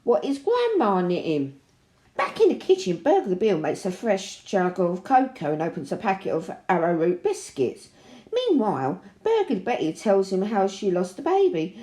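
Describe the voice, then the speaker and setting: A woman reading a children's picture book aloud in an expressive, animated way. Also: mid-range voice, normal speed. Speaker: storybook reader. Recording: roomy echo.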